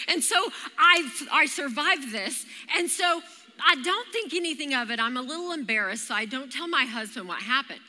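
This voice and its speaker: A woman, giving an animated, story-driven sermon at a live church service. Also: high-pitched, moderate pace. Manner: animated, storytelling with vivid exclamations. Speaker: church speaker. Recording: reverberant live church hall.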